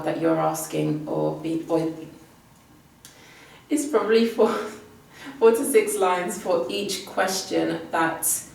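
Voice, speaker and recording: A woman's voice: fairly low pitch, gravelly, a little mellow. A woman teaching Spanish, giving an upbeat, emphatic exam prep lesson. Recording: distant mic with heavy room echo.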